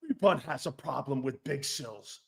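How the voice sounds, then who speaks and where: A man hosting a sports talk stream, brash and profane, reading chat comments and firing back with loud outbursts and mocking asides. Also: mid-range voice, lively intonation, moderate pace, gravelly. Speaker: sports talk show host.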